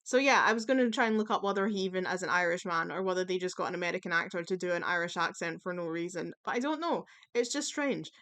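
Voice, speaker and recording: A woman's voice: fairly low pitch, fast, hardly any pauses, a bit bright. A woman talking casually in a tier-list video, chatty and opinionated, with plenty of fillers and the odd swear word. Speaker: YouTube commentator.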